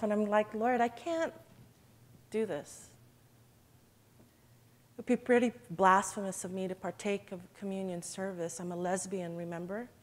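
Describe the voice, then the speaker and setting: A woman giving an emotional, earnest church testimony in an event hall, addressing listeners as brothers and sisters. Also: medium pitch.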